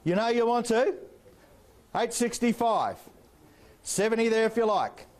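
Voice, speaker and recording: An Australian man working as an auctioneer, calling bids in a rapid rhythmic patter with playful banter to the bidders. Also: very high voice. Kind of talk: live property auction calling.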